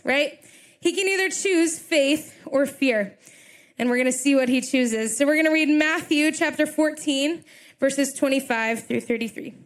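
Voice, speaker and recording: Young woman preacher, high bright voice, chatty and self-deprecating, church stage mic. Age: young adult. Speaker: children's ministry director. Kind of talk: sermon. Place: church auditorium.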